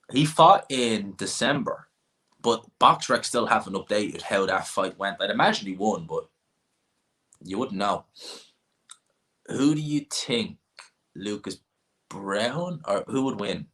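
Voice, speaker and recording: Low-voiced man chatting on a livestream. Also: lively intonation, a bit bright. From Ireland. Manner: rambling, offhand, quick asides. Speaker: livestream host. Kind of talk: casual livestream chat reading comments.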